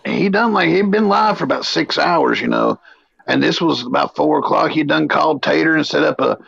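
High gravelly guy chatting on a lo-fi stream, crowd noise behind. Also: a little fast, fairly bright tone. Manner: laughing, storytelling with voices. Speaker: co-host. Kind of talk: casual chat reacting to a stream.

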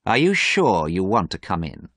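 A man reading a storybook, voicing a cruel, mocking young man who speaks slowly and hard. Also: low-pitched, very animated, a bit bright, no room sound, studio quality, exaggerated voice. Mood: menacing.

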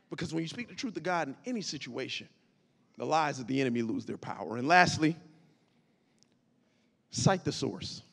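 A man preaching as pastor, building from plain explanation into shouted declarations. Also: medium pitch, very animated, normal speed, creaky, pauses often, husky, big-room sound. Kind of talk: sermon.

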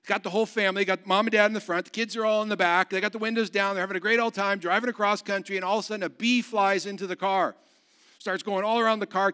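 A man pastor preaching a sermon, going from loud proclamation to soft, hushed storytelling. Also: high-pitched. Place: church.

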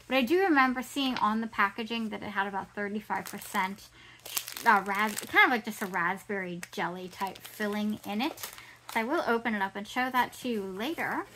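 A woman's voice: mid-range voice, moderate pace, pushed and bright, a little hiss or hum, low-quality recording. A woman hosting an unboxing video, chatty and enthusiastic, reading product descriptions aloud with frequent wows and small self-corrections. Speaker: unboxing channel host.

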